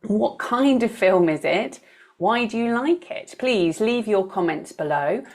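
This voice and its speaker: Woman, British accent, English teacher, slow careful pronunciation drill, slightly gravelly. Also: medium pitch, lively intonation, darkish tone. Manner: repeats each word slowly, stressing syllables.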